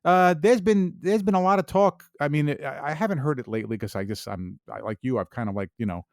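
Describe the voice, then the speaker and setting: A man's voice: a little high, a little fast, no echo, studio quality. A man hosting a podcast, chatting casually, agreeable and hesitant with many fillers. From Italian heritage. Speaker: podcast host. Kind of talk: casual chat.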